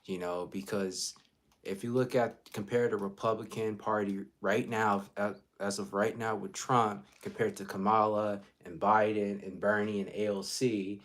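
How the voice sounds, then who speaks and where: Brief: male co-host, relaxed casual talker, slightly low voice, filler-heavy. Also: normal speed. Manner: loose, filler-heavy, repeats words. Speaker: livestream co-host. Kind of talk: casual political chat.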